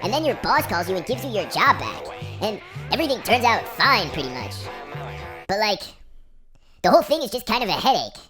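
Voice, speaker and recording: A woman's voice: mid-range voice, brisk. Exasperated woman telling a comic story. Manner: exasperated, deadpan storytelling, lively swings between voices. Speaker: comedian. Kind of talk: comedic monologue. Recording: music behind the voice.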